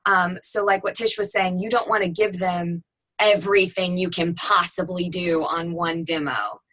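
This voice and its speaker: A woman's voice: lowish voice, fairly even intonation, normal speed, fairly bright tone, low-quality recording. A woman guest on a webinar giving frank, conversational voiceover advice. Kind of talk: casual advice talk.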